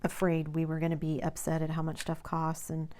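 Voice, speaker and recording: Host: middle-aged American woman, deep voice, chatty and rambling. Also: completely flat delivery, a little fast, mellow. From United States. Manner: chatty storytelling with quoted dialogue. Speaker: crafting channel host. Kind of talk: rambling casual chat.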